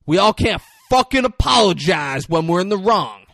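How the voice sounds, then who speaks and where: A menacing middle-aged road-rage driver, as a man puts him on while retelling a film. He needles in a dry, close voice that sits a touch high, and his anger keeps building. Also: very animated, a little fast, a bit bright, dry recording. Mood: enraged.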